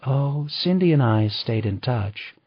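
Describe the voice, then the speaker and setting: Talkative woman travel writer, read by a man; raised, husky voice on a dull recording. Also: medium pitch, animated, slow, dry recording, pitched above the performer's own voice. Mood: chatty. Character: poised female travel writer, chatty and smooth. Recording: slightly dull dry recording.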